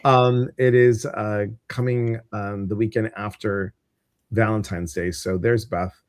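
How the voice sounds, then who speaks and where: A man's voice: on the low side, steady tone, measured pace, no room sound, clean studio sound. A man with a Midwestern American accent hosting a casual livestream, chatty and rambling with lots of fillers. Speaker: host.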